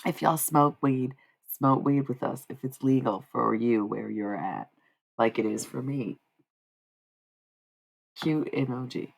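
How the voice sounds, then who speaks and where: A woman's voice: rumbling low, slow pace, gravelly, long pauses, slightly rough. An American woman in her thirties chatting casually and wryly with her live stream chat, rambling and swearing. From United States.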